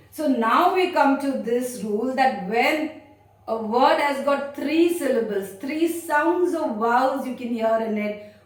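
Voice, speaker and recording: A woman's voice: on the high side, far from the mic. Patient woman teacher in an echoey room. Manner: patient, explaining step by step. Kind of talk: grammar lesson for children.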